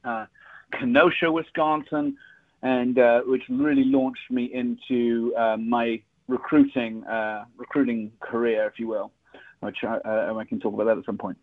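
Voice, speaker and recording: A man's voice: mid-range voice, little pitch movement, a little slow. An Englishman with a British accent telling his story as a podcast guest, chatty and laughing often. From England. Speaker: guest, recruiting firm CEO. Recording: phone-like narrow line.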